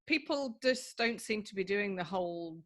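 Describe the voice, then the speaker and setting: A woman's voice: medium pitch, lively intonation, normal speed, fairly bright tone. A middle-aged woman with an English accent, a guest on a podcast, chatting in a bubbly, self-mocking way. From England. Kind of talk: casual chat.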